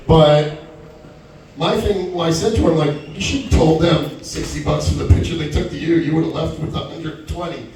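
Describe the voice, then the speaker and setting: A man doing a stand-up comedy set in a small club, brash and crude with animated delivery. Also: a little high, normal speed. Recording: echoey club heard from far off. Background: audience chatter and laughter.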